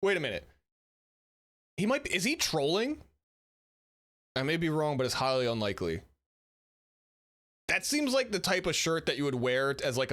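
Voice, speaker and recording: A man's voice: mid-range voice, a bit bright. A man streaming while sick, giving casual and sarcastic commentary as he reacts to a video. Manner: sarcastic, blunt, chatty.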